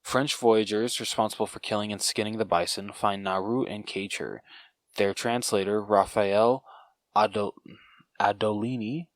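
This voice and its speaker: A man's voice: fairly low pitch, fairly even intonation, normal speed, dry recording. A young man co-hosting a podcast, casually recapping a film's plot, stumbling over names and swearing at himself. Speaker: podcast co-host.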